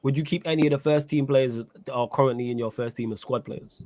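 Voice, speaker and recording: A man hosting a live stream sports Q&A, briskly directing the panel and reading out viewer questions. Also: mid-range voice, fairly even intonation, darkish tone, no echo. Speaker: host.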